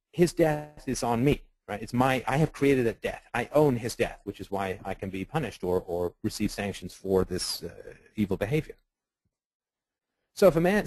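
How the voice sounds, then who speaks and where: Husky, animated man lecturing. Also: medium pitch, no echo, poor audio. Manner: animated, rhetorical, acts out quoted voices with laughs. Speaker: webinar speaker. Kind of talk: webinar lecture on ethics.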